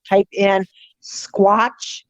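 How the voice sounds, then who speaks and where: A woman guest, an author and researcher, talking in a relaxed way with frequent pauses and fillers. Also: medium pitch, dry recording. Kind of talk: casual interview chat. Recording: dull lo-fi sound.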